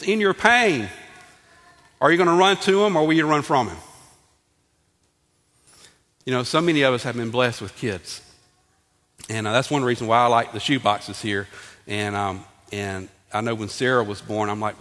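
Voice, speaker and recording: Male pastor, middle-aged, lively sermon, fairly high voice, long church reverb. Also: normal speed. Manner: lively preaching with direct questions to the congregation. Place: church sanctuary.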